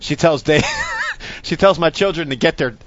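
A man's voice: a little high, moderate pace, a bit bright, dry recording. A man, co-hosting a casual chat and chuckling through a family story. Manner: chatty, chuckles while telling stories. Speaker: co-host. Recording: dry, dull lo-fi sound.

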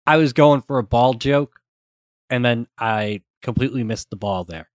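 Male podcast co-host, relaxed punster, mid voice, dry sound. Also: medium pitch, normal speed, dry recording. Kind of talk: casual chat.

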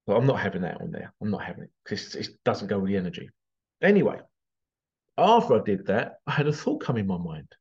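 A man in a casual storytelling monologue, animated and conversational. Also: on the low side, fast talker, muffled recording. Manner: animated, conversational, acts out quotes. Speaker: vlogger.

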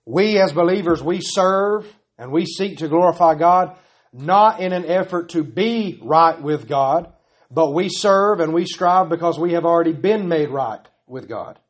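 Pastor guy preaching, earnest, pleading, kinda high voice. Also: measured pace. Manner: earnest, pleading, repetitive emphasis. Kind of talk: sermon.

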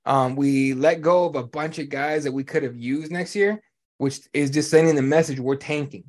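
A male podcast host rants about sports in loose, casual chat at a moderate pace, his voice sitting a little higher than most men's. He's blunt, animated and profane, swearing freely.

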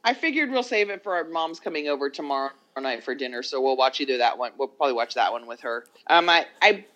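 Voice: medium pitch, expressive, fast talker, a bit bright, dull audio. A podcast co-host in casual chat, swearing freely and trailing off mid-thought.

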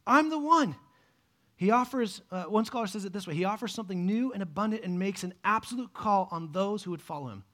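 A man preaching a sermon, animated, dropping to a hush and then rising loud as he acts out the people in the story. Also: high-pitched, fast, few pauses. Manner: animated, swings from hushed to loud, acts out quoted voices. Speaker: pastor.

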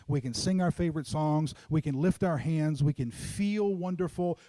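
A man's voice: on the high side, mellow, no room sound. A middle-aged man preaching a sermon as pastor, emphatic and repetitive, often addressing the congregation as folks.

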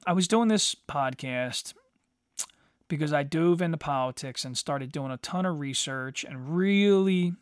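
High-voiced man on a profane rant. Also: fairly bright tone, smooth, dry recording, clean studio sound. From United States. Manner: blunt, heavy swearing, frequent "you know". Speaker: podcast host. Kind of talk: profane ranting monologue.

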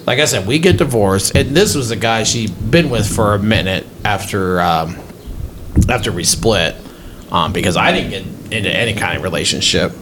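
Against a noisy background, a man with a fairly low pitch talks at normal speed as a podcast co-host. He's an animated storyteller in a casual chat, acting out what people said.

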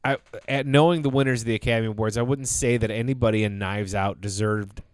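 A man's voice: fairly low pitch, steady tone, fast, clean tone, dry recording. A man co-hosting a podcast, talking movies in an enthusiastic, emphatic way and often repeating himself. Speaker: podcast co-host. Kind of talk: casual chat.

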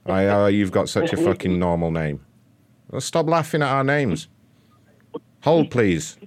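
A man hosting a show and making prank phone calls, delivering insults in a mock-polite, deadpan way. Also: lowish voice, unhurried, slight background noise. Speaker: host and prank caller.

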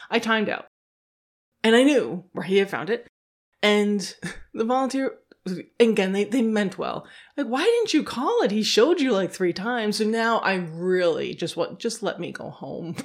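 A woman hosting a podcast, telling a casual self-deprecating story, laughing often and acting out quoted reactions in a jumped-up voice. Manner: self-deprecating, laughs often, acts out her own thoughts; animated, jumps into high voice for quoted reactions. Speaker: podcast host.

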